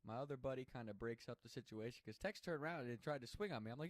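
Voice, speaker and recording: A man's voice: mid-range voice, fast, dry recording. A man telling a personal story in a casual, chatty way, swearing freely and laughing as he goes.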